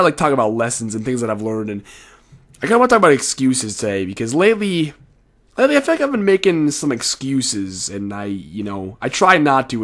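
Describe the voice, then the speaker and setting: A teenage boy talking casually to his viewers late at night, rambling and frank, swearing now and then, a bit tired. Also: mid-range voice. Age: teens. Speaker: video creator. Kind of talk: casual solo commentary.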